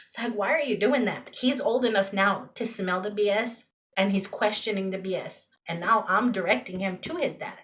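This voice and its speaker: Mom venting on her vlog, fed up, keeps repeating stuff for emphasis, middle-aged, normal pitch. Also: normal speed. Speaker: vlogger and mother. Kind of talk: emotional personal vlog rant.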